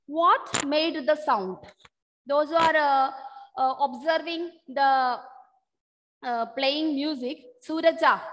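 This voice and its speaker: A woman teacher with a notably high voice runs an online lesson, coaxing answers from students. She repeats key terms slowly and patiently for note-taking. Her voice carries a long, echoing reverb. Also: a bit bright.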